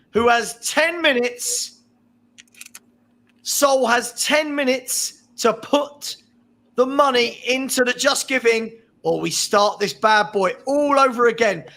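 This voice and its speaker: A man hosting a charity livestream auction, joking and laughing as he slowly calls out bids. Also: very high voice, sharp tone. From England. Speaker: charity stream host running an auction. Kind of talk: casual livestream chat, auctioneering.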